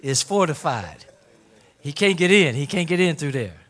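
Emphatic preacher with a fairly high voice. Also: male voice, sing-song, fairly bright tone. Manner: emphatic preaching, repeats key phrases, slows for emphasis. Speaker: pastor. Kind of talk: sermon. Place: church service before a congregation.

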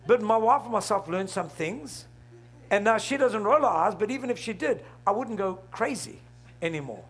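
A man's voice: high-pitched, expressive, moderate pace. A middle-aged man preaching a sermon, asking the congregation questions and laughing along with them. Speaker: pastor.

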